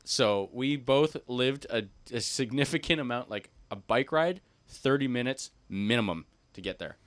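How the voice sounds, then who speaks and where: A young man in his twenties co-hosting a podcast, relaxed and matter-of-fact as he explains things. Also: mid-range voice, normal speed, no room sound. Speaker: podcast co-host. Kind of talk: casual chat.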